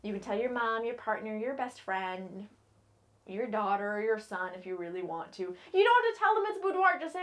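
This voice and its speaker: Young woman, rather high voice, casual frank vlogger from New England, chatty with playful asides. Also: expressive, a little fast. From New England, United States. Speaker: model and vlogger. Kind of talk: casual chat to camera.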